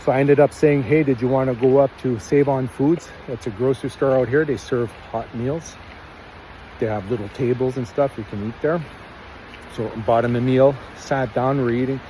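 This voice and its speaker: Casting: Canadian man, mellow low-key tone, rambling first-person storyteller, faint street traffic behind. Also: fairly even intonation, normal speed, poor audio. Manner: rambling, earnest, acts out quotes.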